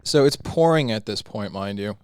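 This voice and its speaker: A man's voice: lowish voice, expressive, normal speed, darkish tone, smooth, dry recording. A young man co-hosting a podcast, telling a story in casual chat, swearing freely. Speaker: podcast co-host.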